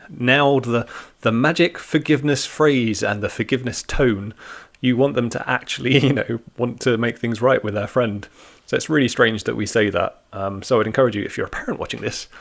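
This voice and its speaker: A man delivering an informal church talk aimed at young listeners. His voice sits at an ordinary middle pitch, and his delivery is chatty and playful, with a steady teacherly thread running through it. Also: moderate pace, creaky. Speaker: youth church speaker.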